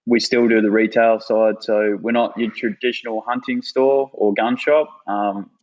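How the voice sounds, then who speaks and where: A man's voice: on the low side, fairly even intonation, moderate pace, darkish tone, lo-fi sound. A man with an Australian accent chatting casually as a podcast guest, laid-back, swearing freely and saying "mate" a lot. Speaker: guest, former army sniper.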